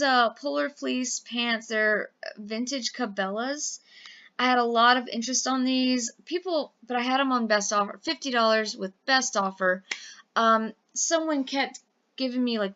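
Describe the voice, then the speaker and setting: A woman's voice: fairly high pitch, unhurried, pushed and bright, highs cut off. A woman from Louisiana chatting casually about her eBay sales, rambling with lots of fillers. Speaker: eBay reseller vlogger. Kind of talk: casual chat.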